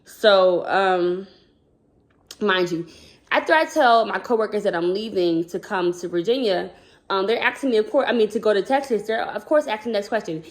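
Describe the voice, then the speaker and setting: A school counselor speaking at a normal pace in a medium-pitched voice tells her viewers a personal story. She's chatty and rambling, keeps calling them "y'all," and acts out the dialogue she quotes.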